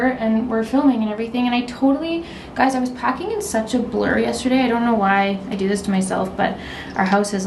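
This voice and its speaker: A woman's voice: medium pitch, gravelly, background noise. A young woman vlogging to a handheld camera, chatty and giggly as she talks about her day on the road and around town. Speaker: lifestyle vlogger. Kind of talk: casual vlog talk to camera.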